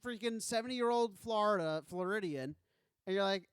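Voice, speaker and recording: A man co-hosting a podcast in casual chat, animated and joking, acting out quoted lines. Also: sits high, moderate pace, clean tone, dry recording. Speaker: podcast co-host.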